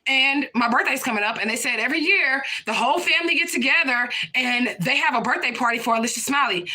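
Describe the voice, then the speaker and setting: A woman's voice: sits high, a little fast, few pauses, pushed and bright, a little hiss or hum. A young woman reading cards on a live stream, speaking bluntly, swearing often and punctuating her points with "okay?" and "period, point blank.". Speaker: card reader. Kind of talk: casual live-stream talk.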